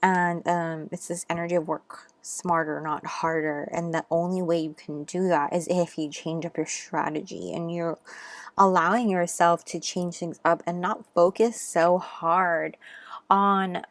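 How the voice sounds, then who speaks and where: A woman's voice: on the low side, steady tone, measured pace, no room sound. A woman giving a casual, intuitive tarot reading, chatty and rambling with lots of fillers, a little out of breath. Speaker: tarot reader.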